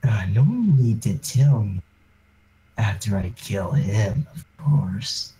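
Guy reading as a smug demon villain, slow and mocking, voice rises and falls a lot. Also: on the low side, lively intonation, mellow. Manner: mocking, unhurried. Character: sneering male demon villain. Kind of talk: voicing game dialogue over a voice chat.

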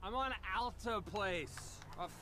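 A man's voice: high voice, expressive, slow, pushed and bright, a little hiss or hum, exaggerated voice. An actor voicing a drunk young man in a video game who slurs and rambles self-pityingly while begging for a ride. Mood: drunk rambling. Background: game music.

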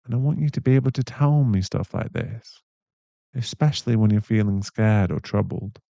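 A young man in a whispered role-play, voicing a caring, protective boyfriend who speaks softly and reassuringly, with a gravelly voice. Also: on the low side, no room sound, lo-fi sound. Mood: tender. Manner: soft, reassuring, slow-spoken. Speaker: ASMR voice actor.

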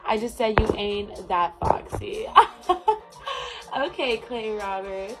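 Slow-talking flirty woman livestreamer. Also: mid-range voice, low-quality recording. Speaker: livestream host. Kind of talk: casual livestream chat, greeting viewers. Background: music playing.

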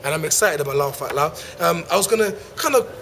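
A man's voice: on the high side, expressive, fast talker, creaky, a bit bright, slight background noise. A man, a stand-up comedian riffing playfully and rambling through a promo to camera. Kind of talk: improvised comic promo to camera.

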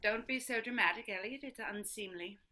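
A woman's voice: mid-range voice, a little fast, pushed and bright, lightly acted. An actress playing a grand, scheming society mother who speaks in an imperious, arch and theatrical way.

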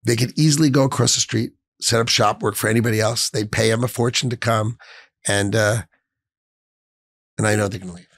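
Gravelly, husky middle-aged New man telling an intense personal story in an interview, dry close sound. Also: on the low side, steady tone, a little fast, dry recording. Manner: emotional, emphatic, jumps between hushed and raised. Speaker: finance executive, interview guest.

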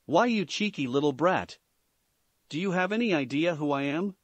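Man voicing Gamabunta, gruff giant toad boss. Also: fairly high pitch, expressive, moderate pace, no echo. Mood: angry. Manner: loud, growling, bossy. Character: huge gruff male toad boss, hot-tempered.

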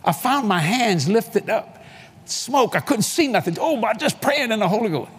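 A man's voice: sits high, expressive, normal speed, slightly rough. An older man preaching, telling a story with acted-out voices, hollers and laughs. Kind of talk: animated storytelling sermon. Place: large convention hall.

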